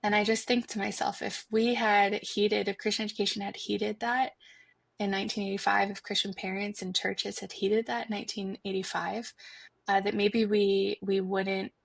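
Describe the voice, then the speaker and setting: Earnest woman with a gravelly voice. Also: medium pitch, little pitch movement, normal speed, dry recording. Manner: earnest, heartfelt, with frequent restarts. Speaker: guest, foundation institute director. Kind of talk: podcast interview.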